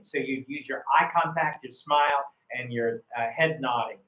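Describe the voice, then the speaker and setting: A man's voice: mid-range voice, a bit bright. A man coaching a student after a speaking test, praising his answers and often repeating words and restarting sentences. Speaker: IELTS speaking examiner and coach. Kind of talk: spoken test feedback. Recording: roomy, dull lo-fi sound.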